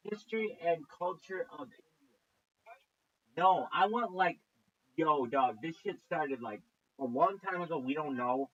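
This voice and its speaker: A man with a high, husky voice rants through a video reaction, cursing nonstop and mocking what he watches. His voice swings widely up and down. The sound is somewhat muffled. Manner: swearing constantly, mocking, loud outbursts. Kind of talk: profane reaction rant.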